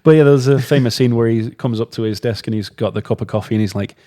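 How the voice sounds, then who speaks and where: A man's voice: medium pitch, fast talker, mellow. A man co-hosting a podcast in casual chat, with dry remarks and frequent laughter. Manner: dry, amused, laughs often. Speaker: podcast co-host.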